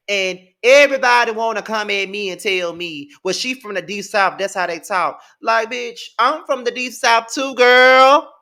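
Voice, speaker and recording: Sassy Mississippi-accented man in his thirties. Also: sits high. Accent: Southern US (Mississippi). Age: 30s. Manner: sassy, profane, animated. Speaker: TV show reviewer. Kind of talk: casual recap commentary.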